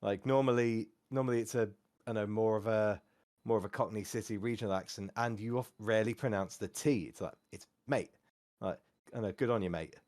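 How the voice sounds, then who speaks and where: A man's voice: lowish voice, fairly even intonation, brisk, a little mellow. A man co-hosting a podcast, chatting casually with many fillers and restarts. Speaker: podcast co-host. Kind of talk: casual chat.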